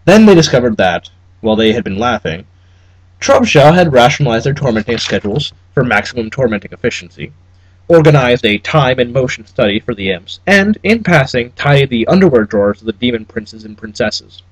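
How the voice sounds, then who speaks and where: A man narrating an audiobook with a wry, expressive delivery and a voice that rises and falls freely. The tone is slightly husky and recorded in a dry, close setting. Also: fairly quick, no echo, rough recording. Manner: expressive, wry reading with lively pitch. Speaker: audiobook reader.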